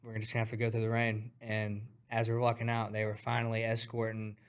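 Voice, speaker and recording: A man guest on a talk podcast, telling a story in an animated, profane way, acting out punches with sound words. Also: lowish voice, fairly quick, clean tone. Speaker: guest fighter.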